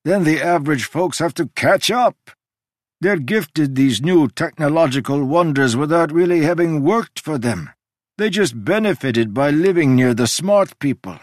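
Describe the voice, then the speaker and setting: A man voicing an ancient male god who lectures in a sweeping, emphatic way, with sudden jumps in pitch. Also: animated, measured pace, no echo, studio quality. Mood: lecturing. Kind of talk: audiobook character reading.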